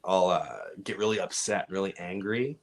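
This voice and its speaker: A man with a Californian accent, a podcast guest calmly explaining things at length in casual conversation. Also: low-pitched, moderate pace. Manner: relaxed, explanatory, giving advice at length. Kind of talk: casual interview chat.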